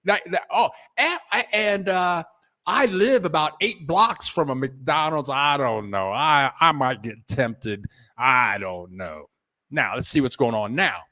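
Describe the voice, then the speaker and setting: A man hosting a casual livestream, rambling in a halting, repetitive way, thanking viewers and restarting his sentences as he chats from his computer at home. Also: mid-range voice, expressive, sharp tone. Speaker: livestream host reading viewer donations.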